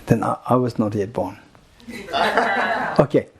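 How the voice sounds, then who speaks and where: A man in his thirties giving a Buddhist retreat teaching to a live group, explaining with lively examples, questioning his listeners, often restarting words and chuckling between points. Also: mid-range voice, slow.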